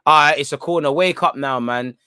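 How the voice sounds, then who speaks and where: On the high side and a little fast, this man's voice has a sharp yet clean tone as he hosts a live football watchalong with casual, strongly opinionated commentary. He frequently ends lines with "man" and reads out chat messages to react to them, in a dry, clean studio recording.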